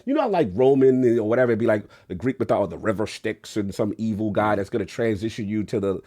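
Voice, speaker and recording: Animated slangy man on a gaming podcast. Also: fast, dry recording, studio quality. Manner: animated, slangy, acts out quotes with big pitch jumps. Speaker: podcast co-host. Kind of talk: casual gaming podcast chat.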